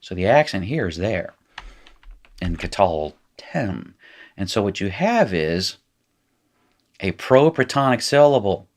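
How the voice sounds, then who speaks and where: A man with an Appalachian accent from North Carolina, teaching a recorded lesson in a relaxed way that corrects itself as he goes. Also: fairly low pitch, moderate pace. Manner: casual, self-correcting explainer who laughs at his slips. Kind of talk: recorded lecture.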